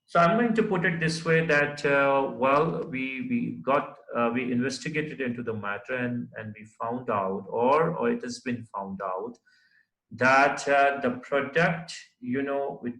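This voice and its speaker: A man's voice: medium pitch, a little slow, a bit bright, reverberant, poor audio. A man teaching a lesson on formal letter writing, explaining step by step, with many fillers and frequent checks of "right?". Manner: writes on the board while talking. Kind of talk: recorded classroom lecture.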